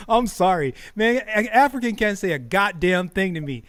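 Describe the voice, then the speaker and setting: A man's voice: high-pitched, lively intonation, slow pace, long pauses, a bit bright. A man hosting a streamed talk show, speaking casually and profanely, getting heated, laughing often and stumbling over repeated words. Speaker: podcast host.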